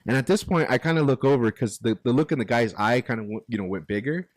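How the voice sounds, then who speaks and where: A man casually telling a profane road-trip anecdote as podcast host, animated and full of quoted exchanges. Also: medium pitch, quick pace, no room sound. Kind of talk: casual storytelling.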